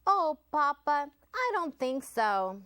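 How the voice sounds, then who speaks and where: A woman voicing a tidy, polite young male pig in a picture book read aloud, in a bright, mildly raised storybook voice. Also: high-pitched, very animated, slow pace, no echo, voice pushed up, full character voice. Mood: earnest.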